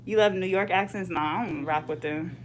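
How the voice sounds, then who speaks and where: A woman's voice: on the low side, a little fast, a little hiss or hum. A woman chatting casually with a client while braiding hair, slangy and talkative, reading viewer comments aloud. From Bay Area, California. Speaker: hair braider and channel host.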